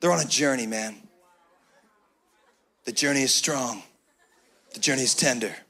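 A man putting on a laid-back, vague churchgoer who drags every word out in a lazy drawl. The voice drops far below his usual register and sounds hazy and unbothered. It is a slow, dreamy mumble. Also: mid-range voice, sharp tone, pitched below the performer's own voice.

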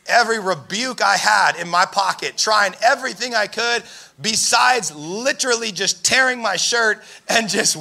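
A young man preaching a sermon, telling stories in an animated way and raising his voice for emphasis. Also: high voice, creaky. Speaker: pastor.

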